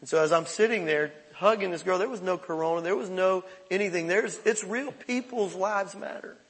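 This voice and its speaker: A man's voice: high-pitched, brisk, fairly bright tone, breathy edge, long reverb tail. A middle-aged man preaching a conversational, emphatic sermon as pastor.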